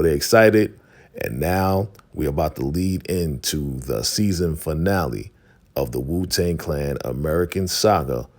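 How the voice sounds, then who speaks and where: A man hosting a casual recap vlog, laid-back and calling his viewers family. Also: very deep voice. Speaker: host of a TV recap channel.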